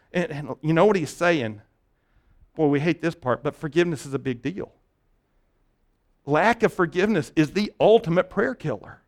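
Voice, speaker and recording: A male pastor preaching a conversational sermon, often restarting phrases and checking in with "right?". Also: high-pitched.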